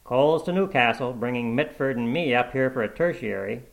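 A man's voice: medium pitch, expressive, normal speed, vocal fry. A man voicing a grumbling senior male doctor in a storybook reading.

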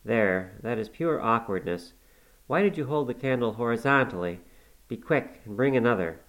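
A man's voice: mid-range voice, animated, moderate pace, a bit bright, low-quality recording. A man reading aloud as a brooding, curt middle-aged master of a house in a storybook. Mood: impatient. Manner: terse, dismissive.

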